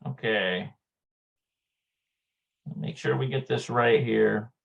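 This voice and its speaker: Slow, halting man teaching a lesson. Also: medium pitch, vocal fry, muffled recording. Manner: slow and halting, many filler sounds. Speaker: Hebrew teacher. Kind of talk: live online language lesson.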